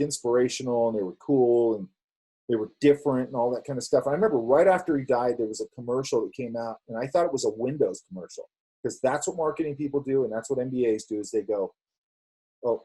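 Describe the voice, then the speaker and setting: A man's voice: medium pitch, warm tone, husky, rough recording. A man hosting a live class, chatting casually on a tangent and acting out quoted exchanges. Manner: rambling, acts out quoted dialogue. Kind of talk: casual talk.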